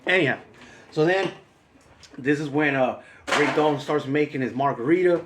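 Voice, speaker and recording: A man's voice: a little high, moderate pace, background noise. A man co-hosting a casual movie chat, rambling and acting out scenes in raised voices. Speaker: podcast co-host.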